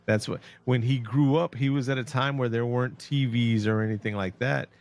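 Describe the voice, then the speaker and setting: A man co-hosting a casual podcast about a film, retelling scenes with animated storytelling and acted-out quotes. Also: mid-range voice, brisk. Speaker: podcast co-host.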